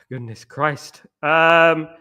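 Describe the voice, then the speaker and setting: A man's voice: on the high side, very slow. A man hosting a live football watchalong, rambling, repeating himself and greeting viewers in the chat. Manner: rambling, repeats phrases, shouts out chat users. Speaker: watchalong host.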